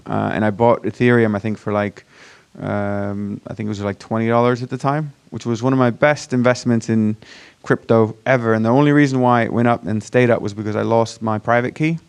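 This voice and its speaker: A man from Virginia with an accent that mixes American and British, giving a casual, self-deprecating startup pitch to a conference audience with many fillers and restarts. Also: fairly even intonation, fairly quick, gravelly, clear, resonant tone. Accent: mixed American and British. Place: conference room before a live audience.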